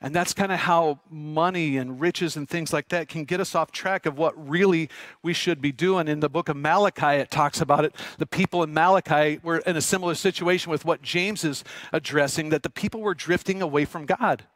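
Male pastor, middle-aged, slightly high voice, dry close mic, lively storytelling sermon. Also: a little fast, no echo. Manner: animated storyteller, asks the congregation questions. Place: church sanctuary.

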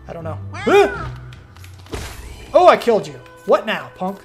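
A man's voice: high voice, huge pitch swings, measured pace, long pauses. A man streams a game and keeps up loose, chatty commentary to his audience. He talks to himself and reacts to what happens on screen. Faint game music plays underneath him. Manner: chatty, self-talking, easily surprised. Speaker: gaming streamer. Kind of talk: let's play commentary.

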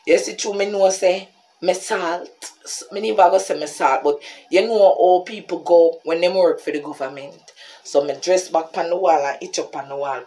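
A woman with a Jamaican accent telling a story on her vlog, talking to her viewers and calling them "people". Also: sits low. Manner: animated, keeps addressing viewers as "people". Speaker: vlogger.

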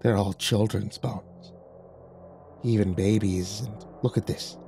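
A man voicing an undead old sea captain, weary and loyal, with a gruff, grim manner, in a horror story reading. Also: lowish voice, fairly even intonation, slow pace, dark tone, slight background noise. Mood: horrified hush.

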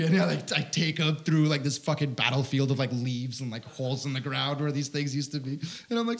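A man's voice: on the high side, a little fast, creaky, a bit bright. A man in his twenties telling a stand-up story, rambling and profane, with lots of filler words. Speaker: comedian.

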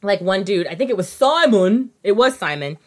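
A woman co-hosts a casual true crime podcast, animatedly telling the story and acting out quotes. Her voice is medium-pitched, and she talks at a moderate pace.

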